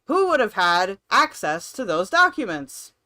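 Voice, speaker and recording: A woman's voice: medium pitch, big pitch swings, a little slow, pushed and bright. A woman streamer reacting on a live stream, blunt, profane and sarcastic.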